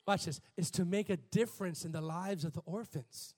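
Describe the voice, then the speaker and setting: A pastor preaching a lively sermon to his congregation, leading chants and call-and-response and rising to shouts. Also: high voice, normal speed, few pauses. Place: church before a live congregation.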